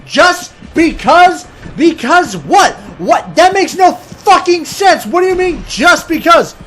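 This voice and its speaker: A man's voice: on the high side, moderate pace, natural voice. A man voicing a fed-up male caller who complains about life in a bewildered, profane way. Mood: outraged.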